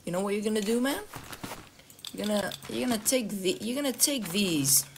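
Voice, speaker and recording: A woman's voice: medium pitch, lively intonation, moderate pace. A woman chatting casually in a game's voice chat, joking and trolling other players and swearing often. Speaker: gamer. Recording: game sounds and noise behind.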